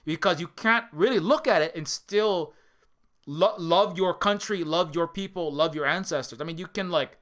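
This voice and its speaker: A man's voice: on the high side, pushed and bright. A man giving casual spoken commentary as a video essayist, impassioned and rambling, with frequent restarts and filler words.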